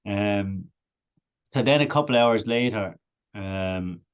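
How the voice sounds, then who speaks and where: A man with an Irish accent spins a long, rambling anecdote, his voice sitting a little low. He talks casually and keeps breaking into laughter as he goes. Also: slow pace, clear, resonant tone. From Ireland. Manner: animated anecdotal, laughs often. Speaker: podcast guest. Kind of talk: casual storytelling.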